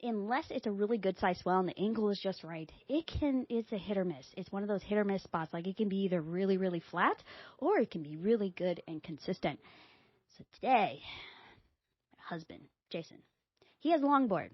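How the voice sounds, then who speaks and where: Animated woman telling a story. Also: a little fast, breathy edge, dry recording, dull audio. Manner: animated, acts out quoted dialogue with big pitch jumps. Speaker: podcast host. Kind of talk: casual storytelling.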